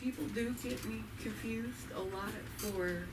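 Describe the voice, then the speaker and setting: A woman's voice: on the high side, measured pace. Woman doing chatty stand-up, far off. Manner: chatty, laughs often, asks the crowd questions. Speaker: stand-up comedian at an open mic. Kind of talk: nervous stand-up set. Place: comedy club stage. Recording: noisy live room, voice from afar.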